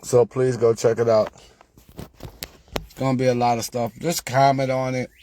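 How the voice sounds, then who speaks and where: A man talking casually to viewers about lottery picks, repeating himself and growing exasperated, getting louder when he quotes their questions. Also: medium pitch, little pitch movement, unhurried, a little hiss or hum. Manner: repetitive, exasperated, rises when quoting viewers. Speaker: lottery tips creator.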